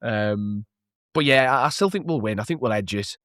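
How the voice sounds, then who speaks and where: A man's voice: mid-range voice, lively intonation, moderate pace, fairly bright tone, no room sound, clean studio sound. A man co-hosting a casual football podcast, talking with lots of hesitations and laughing easily. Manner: hesitant, laughs often, many fillers. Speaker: podcast co-host. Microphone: remote call.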